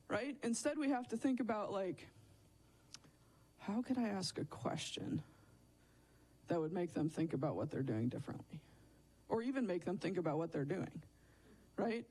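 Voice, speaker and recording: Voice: medium pitch, darkish tone, breathy edge, poor audio. A speaker giving a sermon at a church service in a candid, conversational way, often tagging thoughts with "right?" and "like". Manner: conversational, frequent "right?" and "like" tags; self-deprecating, candid.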